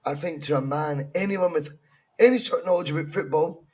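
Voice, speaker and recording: A man's voice: on the high side, a little fast, a little mellow, breathy edge. A Scottish man co-hosting a football podcast, talking casually, swearing and laughing as he argues. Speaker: podcast co-host.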